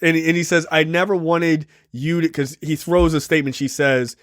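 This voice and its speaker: A man's voice: on the high side, moderate pace, dry recording, clean studio sound. A man co-hosting a podcast, casually recapping a film with lots of fillers and playful acted quotes. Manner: animated retelling with many fillers and acted quotes. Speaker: podcast co-host. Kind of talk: casual film review chat.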